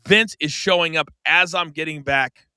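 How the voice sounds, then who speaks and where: A middle-aged American man co-hosting a podcast, telling a story in a casual, animated way and acting out the quoted lines. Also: fairly high pitch, normal speed, clean tone, no room sound. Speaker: podcast co-host.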